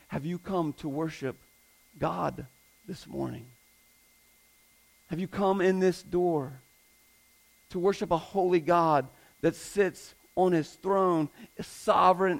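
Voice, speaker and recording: A male pastor delivers a sermon in a high, gravelly voice at a slow pace, hammering his points home with repeated key phrases and pointed questions to the congregation. The recording quality is low.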